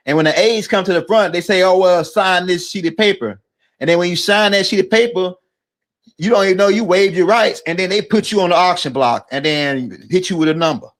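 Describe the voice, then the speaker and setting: A man hosting his own video channel gives a casual, rambling monologue to camera, emphatic and repetitive, punctuating points with frequent "right?". His voice is high-pitched and fairly bright, and he talks a little fast.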